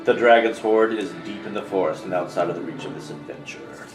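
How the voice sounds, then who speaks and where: A man narrating a scene in a tabletop game, animated and playful. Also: deep voice, quick pace. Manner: animated, laughing. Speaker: player. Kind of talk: narrating and casual game chat. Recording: echoey room, distant mic, music.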